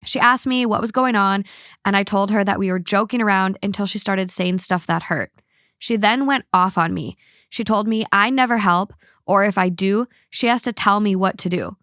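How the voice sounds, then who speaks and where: A woman's voice: medium pitch, fairly bright tone, no room sound, clean studio sound. A woman hosting a podcast, chatting casually, swearing freely and reading online posts aloud. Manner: swears freely, blunt opinions. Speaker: podcast host.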